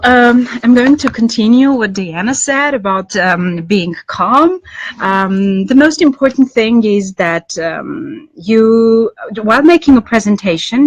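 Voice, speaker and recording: A woman English lecturer teaching business English, explaining in a measured way with frequent ums and restarts. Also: mid-range voice, no echo. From Armenia.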